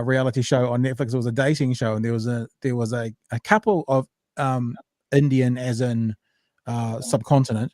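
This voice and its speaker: A man's voice: mid-range voice, dry recording, studio quality. A man co-hosting a casual podcast chat, rambling and joking, often breaking off mid-sentence. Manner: rambling, self-interrupting, loose and joking. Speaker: podcast co-host.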